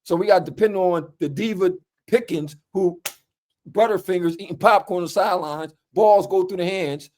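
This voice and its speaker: Exasperated male fan, higher voice, casual animated rant. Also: moderate pace. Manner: animated, exasperated, repeats "okay". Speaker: football fan commentator.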